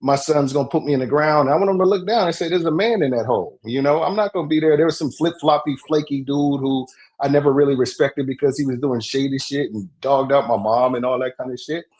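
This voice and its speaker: A man's voice: mid-range voice, fast, a little mellow. A father co-hosting a podcast, speaking frankly and with profanity, often stammering as he restarts. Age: adult with sons. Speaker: podcast co-host. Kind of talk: casual debate chat.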